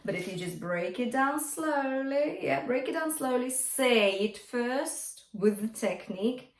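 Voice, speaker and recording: A woman singer and vocal coach teaching a song gently and encouragingly, and singing short lines to show each technique. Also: on the high side, animated, measured pace. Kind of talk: singing lesson with sung demonstrations. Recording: echoey room with faint guitar music.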